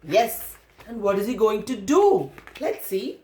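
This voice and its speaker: Slow, interactive woman storyteller. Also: medium pitch, big pitch swings, dark tone. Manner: interactive, asks listeners questions. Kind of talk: children's story reading. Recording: roomy echo.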